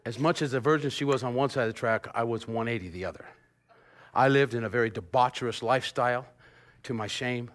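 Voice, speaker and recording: A man in his fifties preaching a sermon as pastor, lively and joking, bursting into song and laughter, then dropping to a quiet, earnest hush. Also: mid-range voice, fast talker. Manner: animated preacher, bursts into sung snippets and laughter, drops to hushed tones.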